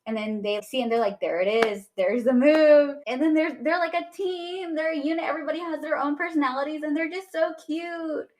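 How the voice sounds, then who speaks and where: Young woman podcast cohost, kinda high voice, super animated, acts out lines as she talks. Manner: animated, acts out characters' lines in quick shifts of pitch and volume. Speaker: podcast co-host. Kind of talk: casual chat.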